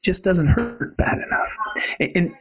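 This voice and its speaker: A man in his forties, an animated guest telling stories in a conversational interview. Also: high-pitched, unhurried, music in the background. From Canada. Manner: animated, expressive storyteller.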